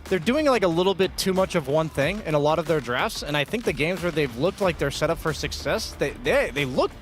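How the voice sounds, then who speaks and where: A man's voice: fairly high pitch, animated, fairly quick, faint music behind. A man on a live esports analyst desk, giving match analysis in a dry, matter-of-fact way.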